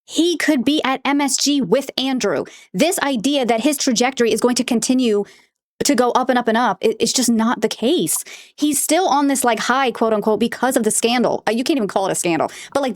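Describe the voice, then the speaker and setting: A woman's voice: high voice, no echo, clean studio sound. A woman hosting a reaction video, talking bluntly and with exasperation about a podcast clip. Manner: blunt, exasperated, rapid-fire. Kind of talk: casual reaction commentary.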